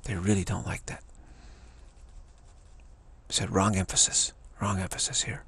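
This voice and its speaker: A man's voice: deep voice, steady tone, unhurried, a bit bright, slightly rough. A man giving a rambling, emphatic spiritual talk as a teacher, often repeating himself.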